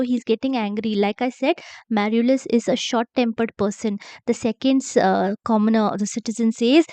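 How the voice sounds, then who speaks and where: Woman teacher, fairly high voice, slow and patient, repeats key words, dry close sound. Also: dark tone, dry recording. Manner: explains slowly, repeats key words, checks understanding with "okay?". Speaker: English literature teacher. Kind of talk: classroom explanation for exam revision.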